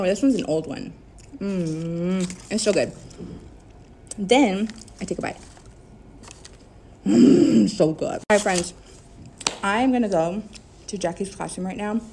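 A woman's voice: lowish voice, a little mellow, a little hiss or hum. Chatty woman vlogging casually. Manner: chatty, bubbly, giggly. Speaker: teacher and vlogger. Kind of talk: casual chat to camera.

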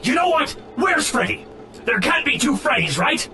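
A man voicing a hot-tempered male pirate fox animatronic who shouts, curses and uses pirate talk in a cartoon. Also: extremely high pitch, very animated, normal speed, far from the mic, over a noisy crowd. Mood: furious.

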